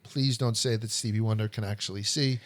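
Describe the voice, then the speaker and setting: A man's voice: fairly low pitch, fairly even intonation, brisk, a little hiss or hum. A man hosting a history podcast, telling stories in a blunt, profane, joking way. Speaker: podcast host. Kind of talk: casual history chat.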